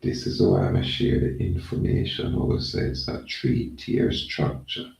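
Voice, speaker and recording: A channel host with a Jamaican accent rambles through a loose monologue, often saying "yeah, man." His gravelly voice is low, slow, and a little mellow, with wildly swooping pitch, recorded from a distance in an echoey room.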